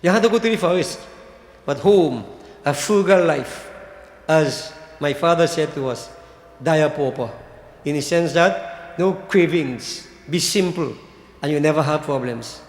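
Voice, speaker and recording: A man's voice: on the high side, expressive, unhurried. An older man giving a religious discourse, addressing his listeners as devotees and tossing in rhetorical "hmm?" asides. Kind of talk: sermon. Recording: echoey hall with long reverb.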